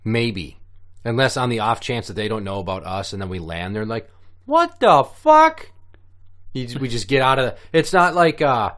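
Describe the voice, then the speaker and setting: A man with a low voice chatting on a casual podcast. He riffs crudely and animatedly, swearing freely as he spins out scenarios. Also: brisk. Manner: crude, profane, animated riffing. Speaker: podcast co-host.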